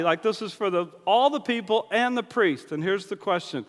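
High-voiced preacher in an echoing hall. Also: male voice, moderate pace. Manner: conversational preaching with acted-out dialogue. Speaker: pastor. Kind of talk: sermon. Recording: long hall reverb.

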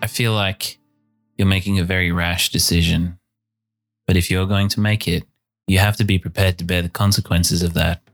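A man voicing a level-headed gnome companion, deep-voiced. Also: level tone, normal speed, soft background music. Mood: concerned. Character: cautious male gnome companion, reasoning.

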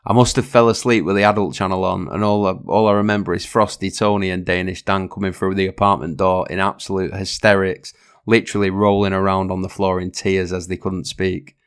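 A man's voice: sits low, flat delivery, fairly quick, smooth. A young man telling a personal story, blunt and sweary, chuckling now and then as he goes. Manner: blunt, swears freely, chuckles mid-sentence. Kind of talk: storytelling monologue.

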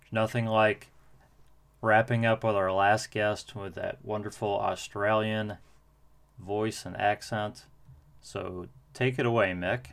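A man's voice: fairly low pitch, steady tone, slow, vocal fry, fairly bright tone, clean tone. A man hosting a podcast, commenting casually with frequent hesitations. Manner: hesitant, many fillers. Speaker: podcast host.

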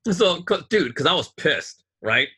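A man's voice: on the high side, sing-song, normal speed, sharp tone, slightly rough. A man in casual chat, telling a story in an angry, profane rant.

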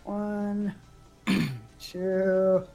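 A woman playing a tabletop game, excitable and hesitant, with filler uhs. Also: mid-range voice, drawn-out words, music in the background. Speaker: player. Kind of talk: casual tabletop play.

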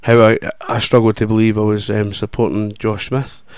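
A man's voice: on the low side, flat delivery, moderate pace, darkish tone, smooth, dry recording. A man with a Scottish accent co-hosting a casual music show, chatty and teasing. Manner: chatty, teasing, restarts a lot. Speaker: co-host. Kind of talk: casual radio chat.

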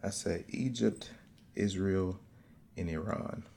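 A man's voice: low-pitched, slow, gravelly, darkish tone. A man playing trivia, chatting casually and thoughtfully explaining his reasoning. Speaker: trivia contestant. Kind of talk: casual chat.

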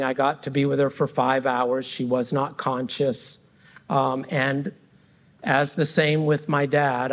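A middle-aged pastor delivers a sermon earnestly and reflectively, speaking in a deliberate way with frequent pauses between phrases. His voice sits in the mid range.

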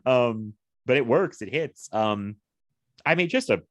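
A man's voice: medium pitch, expressive, unhurried. A man in casual chat about films, rambling with frequent laughs and the odd swear word.

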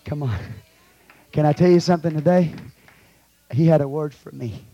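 A fervent pastor preaching to his congregation in a church. His voice sits fairly high for a man and swings wide, from hushed, intimate prayer to ringing exhortation. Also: normal speed, lo-fi sound. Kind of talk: sermon. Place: church sanctuary.

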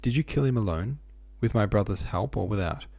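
Guy doing a freaked out tormented young man from a storybook, urgent, low mellow voice. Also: lively intonation, a little fast, gravelly, no room sound. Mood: agitated.

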